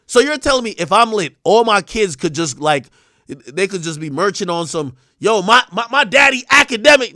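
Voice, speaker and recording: A young man hosting a livestream, ranting bluntly and swearing, dropping to mumbles and then rising to shouts. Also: sits high, very animated, moderate pace, no room sound, clean studio sound. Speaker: livestream host. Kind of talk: casual livestream rant.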